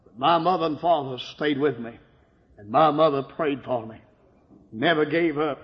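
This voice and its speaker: A Michigan man with a slightly high voice gives his life testimony as a sermon in a church sanctuary, speaking at normal speed. He tells it with strong emotion, quoting dialogue and rising to cries at the peaks. The recording is dull and lo-fi in a reverberant hall.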